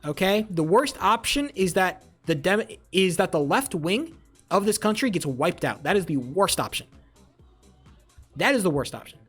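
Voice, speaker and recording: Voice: mid-range voice, big pitch swings, moderate pace, fairly bright tone, husky, soft background music. A live streamer in a casual political rant, heated and profane, repeating phrases for emphasis and answering chat. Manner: talks back to chat messages.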